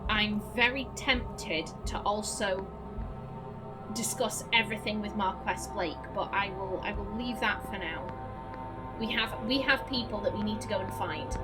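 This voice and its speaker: A woman's voice: medium pitch, measured pace. A woman hosting a let's play, chatty, frank and joking over game music. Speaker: gaming video host.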